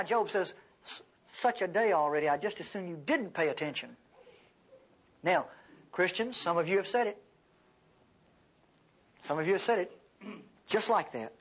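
A man teaching the Bible verse by verse, speaking conversationally to his class and acting out quoted speech with lively swings of voice. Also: moderate pace, pauses often, slightly rough. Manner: animated, acts out quoted speech with big pitch jumps; conversational, addresses the class directly.

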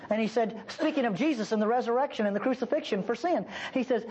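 A woman's voice: fairly high pitch, fast, hardly any pauses, mellow, slightly rough, muffled recording. A woman preacher giving an emphatic, folksy sermon in a church.

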